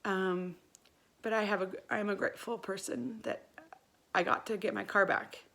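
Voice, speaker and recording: A woman with a mid-range voice talks straight to camera in an earnest, reflective way. She drifts through soft fillers and restarts, sincere and personal throughout. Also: medium pitch, steady tone, normal speed, gravelly. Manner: grows tearful and quiet near the end. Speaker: vlogger. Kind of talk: heartfelt personal talk to camera.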